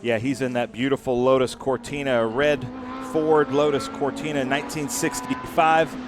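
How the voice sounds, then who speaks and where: A man's voice: mid-range voice, flat delivery, moderate pace. A man doing live motorsport commentary as a regular on the broadcast, chatty and enthusiastic about the cars. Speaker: race commentator. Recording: noisy trackside with engine sound.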